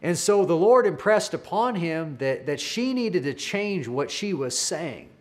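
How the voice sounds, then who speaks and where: Male preacher, slightly high voice, earnest storytelling sermon with stumbling repeats. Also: sing-song, measured pace.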